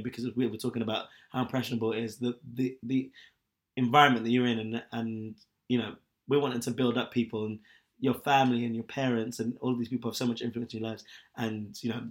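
A man chatting casually as a podcast co-host, telling a long story with lots of fillers and restarts. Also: medium pitch. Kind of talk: casual chat.

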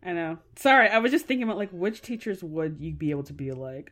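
Woman, podcast co-host, casual chat, lively swooping pitch, laughing, swearing. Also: fast.

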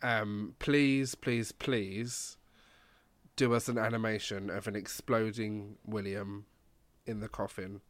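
A man's voice: on the low side, little pitch movement, takes it slowly, dry recording. Eager man in dry close sound. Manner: eager, chimes in with questions and requests. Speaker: podcast co-host. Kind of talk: casual history podcast chat.

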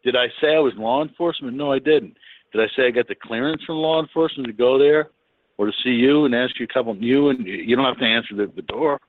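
A man's voice: mid-range voice, fast talker. A man calling in, pushy and talking over the host. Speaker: caller. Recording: tinny phone line with faint noise.

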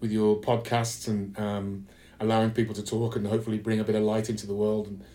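A man's voice: fairly low pitch, level tone, warm tone. A man from London with an English accent, a podcast guest talking candidly and reflectively, often restarting his sentences. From London, England. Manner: earnest, reflective, halting with restarts. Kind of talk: candid conversational interview.

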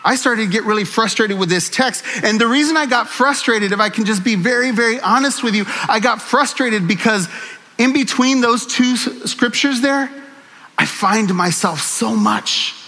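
A man's voice: extremely high pitch, normal speed, sharp tone, big-room sound. A man preaching a conversational sermon, earnest and candid, with self-deprecating humor, in a church sanctuary. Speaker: pastor.

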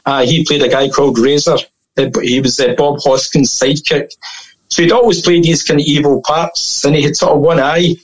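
A man's voice: a little high, steady tone, fairly quick, husky, poor audio. A man telling anecdotes as a podcast guest in a casual, chatty way, laughing often and full of fillers and restarts.

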